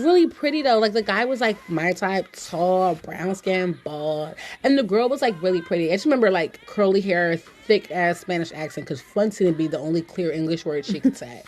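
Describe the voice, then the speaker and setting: A woman podcast host telling candid stories in casual chat, blunt and animated, with many "like"s. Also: lowish voice. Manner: blunt, animated storyteller with frequent "like".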